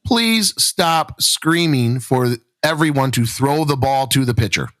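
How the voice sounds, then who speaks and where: A man's voice: medium pitch, animated, measured pace, fairly bright tone, no echo, studio quality. A man, co-hosting a coaching podcast, speaking emphatically and pleading with coaches and parents. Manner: emphatic, pleading, laughs often. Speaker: podcast co-host, softball coach. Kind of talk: casual podcast chat.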